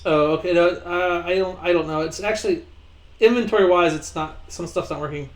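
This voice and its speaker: A man running a tabletop game as game master, relaxed and joking while he walks the players through the rules. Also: sits high, fairly quick.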